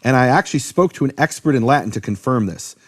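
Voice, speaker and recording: A man teaching in a conversational lecture about biblical names, animated, posing rhetorical questions and often restarting his sentences. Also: medium pitch, fast talker, breathy edge. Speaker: Bible teacher explaining Hebrew names.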